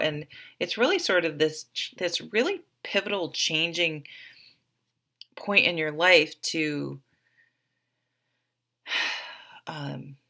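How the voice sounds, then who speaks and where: A woman's voice: low voice, gravelly, a bit bright. A woman giving a chatty, encouraging tarot reading straight to her viewers, with many fillers along the way. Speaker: tarot reader. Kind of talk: casual tarot reading to camera.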